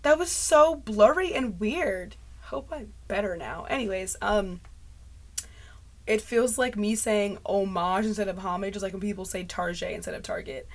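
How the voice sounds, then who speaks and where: A woman's voice: mid-range voice, animated, normal speed, a little mellow. A woman vlogging in casual chat, rambling in a stream of consciousness and laughing at herself. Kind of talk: casual talking-head chat. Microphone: mic close to clipping.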